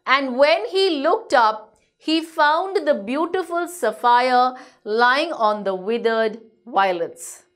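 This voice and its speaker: A woman's voice: high voice, animated, slow pace, a bit bright. A chatty woman teacher. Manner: explains each line in simple words, chatty. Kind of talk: reading a story and explaining it to a class.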